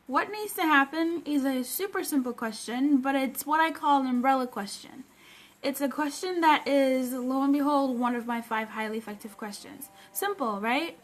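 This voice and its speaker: A woman with a high voice hosts her own livestream as a personal development coach. Her talk is upbeat and chatty, and she breaks off often to greet viewers by name before she picks up her point again. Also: normal speed. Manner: upbeat, greets viewers mid-sentence, bursts of excitement. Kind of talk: live-stream chat greeting viewers.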